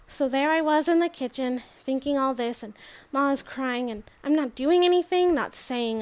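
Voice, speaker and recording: A woman's voice: high-pitched, normal speed. A woman reading a novel aloud as a first-person letter, giving the quoted lines their own voices. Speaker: audiobook reader.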